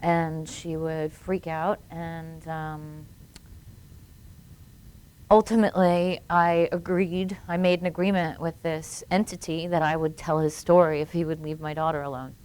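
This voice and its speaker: A woman's voice: sits low, fairly even intonation, unhurried, a little mellow, clear, resonant tone. A woman guest on a live-streamed interview, telling a personal story in earnest and acting out the voices of people she quotes. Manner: earnest, acts out quoted voices while recounting events. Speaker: guest filmmaker.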